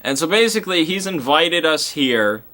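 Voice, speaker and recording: A man's voice: a little high, big pitch swings, moderate pace, pushed and bright. A man casually recapping a tabletop game session, rambling, with many fillers and chuckling asides.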